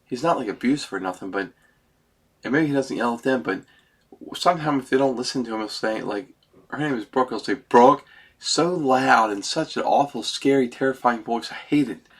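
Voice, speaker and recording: A middle-aged man with a husky, mid-range voice talks a little fast through a personal vlog monologue. He rambles emotionally, close to tears, ending many sentences with "man."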